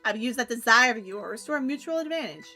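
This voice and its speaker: A woman voicing a wise, sly old male Pomeranian dog in a video game, calm and knowing as he explains. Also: on the high side, fast, soft background music. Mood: explaining.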